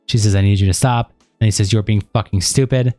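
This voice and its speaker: Male streamer, dark mellow voice, dry close sound, reads logs aloud and drifts into loose asides over faint music. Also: fairly low pitch, quick pace, no echo. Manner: steady reading with rambling casual asides and fillers. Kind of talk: reading chat logs aloud on a live stream.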